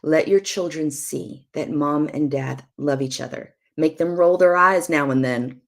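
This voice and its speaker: A middle-aged woman giving emphatic, preachy marriage advice on a live stream, with soft asides now and then. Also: low-pitched, measured pace. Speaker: prophetess and show guest.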